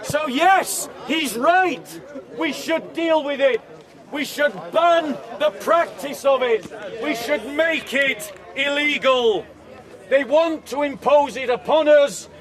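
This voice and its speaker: High-voiced man haranguing a street crowd. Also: animated, slow pace. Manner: shouts repeated accusing questions to a crowd. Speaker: street speaker. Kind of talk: open-air debate speech. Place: outdoor park speaking area. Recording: distant mic, crowd around.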